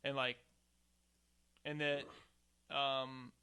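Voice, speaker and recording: This podcast host talks from a home garage studio in a loose, rambling way, swearing casually as he chats. His medium-pitched voice is flat, extremely slow, and sharp, with a clean tone.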